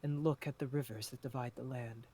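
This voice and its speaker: Man doing a soothing ghost spirit, slow and calm, storybook telling. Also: medium pitch, slightly rough. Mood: reassuring. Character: gentle sorrowful tentacled ghost spirit.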